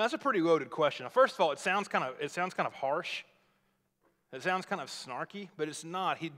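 A pastor preaching a sermon, retelling a scripture story in a conversational, explaining way. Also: male voice, a little high, a bit bright. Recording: long reverb of a large hall.

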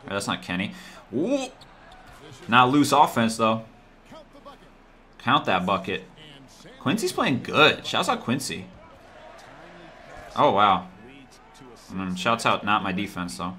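Male gaming commentator, lively pitch, mutters then yells at the screen. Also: slow, pauses often. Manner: excitable, talks to the players on screen, swings from mutters to yells. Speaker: gaming YouTuber. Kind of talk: live gameplay commentary.

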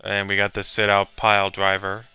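Low, gravelly-voiced gamer man. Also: completely flat delivery, moderate pace, bright, forceful tone, no room sound, soft background music. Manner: hesitant, many fillers, reads on-screen text aloud. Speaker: gamer playing a video game. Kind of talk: casual let's-play commentary.

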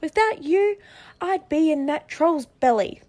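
A woman voicing a kind young fairy in a storybook reading, calling out excitedly. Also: high-pitched, a little slow. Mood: grateful.

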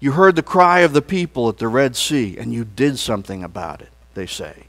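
Earnest preaching man with lively pitch. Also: a little fast. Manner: leads the congregation in call-and-response declarations; earnest preaching with emphatic rises and soft trailing phrase endings. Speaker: pastor. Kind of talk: sermon. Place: church sanctuary.

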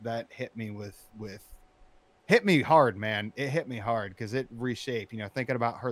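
A man telling a personal story in casual conversation, animated and profane, getting loud as he recounts his frustration. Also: mid-range voice. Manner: animated, profane, rising to shouting when recounting anger. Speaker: storyteller in interview.

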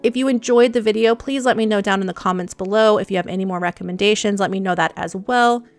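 A young woman hosting a gaming channel, chatting casually and excitedly through her gameplay and talking to her animals. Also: mid-range voice, fast talker. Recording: dry close mic with faint music.

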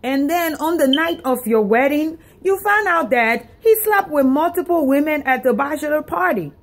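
A woman's voice: high voice, expressive, normal speed. A woman giving sassy, theatrical comic advice in a dramatic monologue. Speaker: comedic advice vlogger.

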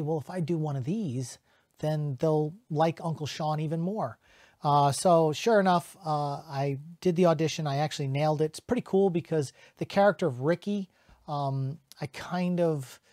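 A middle-aged man who is a voice actor, chatting casually to camera in an animated way and slipping into quick character voices. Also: fairly high pitch, no echo, clean studio sound.

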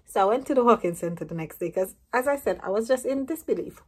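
A woman in her thirties telling a personal story to camera as a vlogger, lively and acting out what each person said. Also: mid-range voice, quick pace, breathy edge. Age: 30s.

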